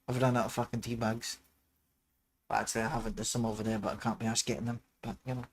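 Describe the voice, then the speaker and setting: Man, livestream host, casual rambling chat, muttered asides, mid-pitched voice. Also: little pitch movement, fast.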